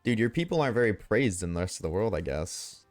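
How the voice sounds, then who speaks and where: A man's voice: on the low side, sing-song, quick pace, no room sound, faint music behind. A young man streaming a game, chatting casually with his viewers, joking and swearing freely. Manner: profane, joking, talks back to chat. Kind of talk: casual gaming livestream chat.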